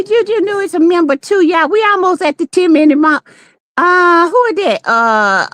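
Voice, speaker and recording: A woman's voice: very high-pitched, a bit bright, no echo. A woman in casual live-stream chat, sassy and playful, teasing and greeting viewers by name.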